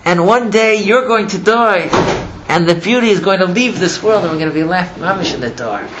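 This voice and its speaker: An anguished sage weeps for his teacher, as a man puts him on, his voice pushed high and his words stretched slow and pleading. The sound is dull and muffled. A steady noise runs behind it. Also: natural voice. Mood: tearful pleading.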